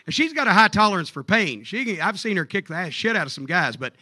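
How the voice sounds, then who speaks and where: A man telling profane stories on stage at a live comedy club show, animated and jokey. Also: high voice, fast, husky, dry recording.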